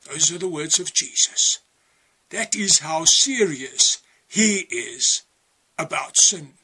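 South African male preacher, husky and bright, slow earnest warnings with hushed drops. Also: on the high side, lively intonation. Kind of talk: testimony sermon.

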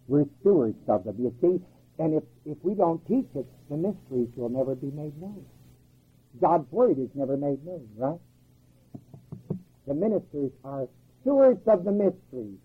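Man, preacher, high voice, lively swooping delivery, rhetorical questions, husky, tinny phone-like recording. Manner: folksy, emphatic, rhetorical questions, chuckles at own jokes. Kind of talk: sermon.

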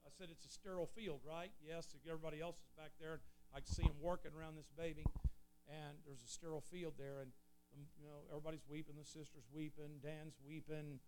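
Preacher guy, earnest sermon story, voice kinda high, gets loud then goes quiet. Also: level tone, a little fast, a little hiss or hum. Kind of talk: sermon testimony.

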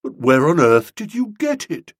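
A man's voice: fairly high pitch, huge pitch swings, moderate pace, dry recording, studio quality. A man voicing an exuberant, brash young man who speaks in hearty, emphatic bursts. It is an audiobook reading.

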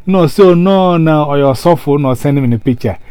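A man hosting a casual chat, animated, with frequent exclamations. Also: on the high side, moderate pace, clean tone, no room sound. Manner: animated, mixing English and local language, frequent exclamations.

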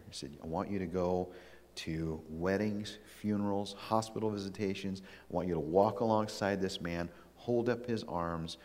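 Deep-voiced man preaching in a hall. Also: darkish tone. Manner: earnest, personal storytelling with frequent restarts. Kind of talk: sermon.

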